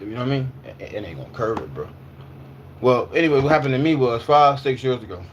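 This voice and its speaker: A man's voice: medium pitch, animated, fast talker, lo-fi sound, slight background noise. A man in his twenties or thirties chatting casually on a livestream. He talks in a loose, slangy way, repeats himself, and answers viewers' comments as he goes.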